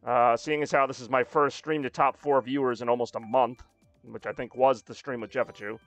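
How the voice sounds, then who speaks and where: A man's voice: mid-range voice, steady tone, fairly quick, faint music behind. Self-mocking male game streamer. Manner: self-deprecating, joking, rambling. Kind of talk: casual live-stream chat while playing.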